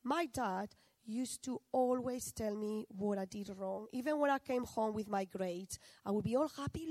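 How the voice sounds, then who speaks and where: A woman's voice: a little high, normal speed, darkish tone, dry recording, low-quality recording. A middle-aged woman preaching a sermon in a conversational way, often asking her listeners questions.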